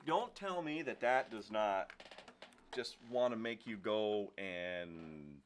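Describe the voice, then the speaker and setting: A man's voice: mid-range voice, lively intonation, slow pace, over loud music. A middle-aged man co-hosting a podcast, chatting casually, joking and laughing often as he drifts between topics. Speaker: podcast co-host. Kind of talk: casual chat.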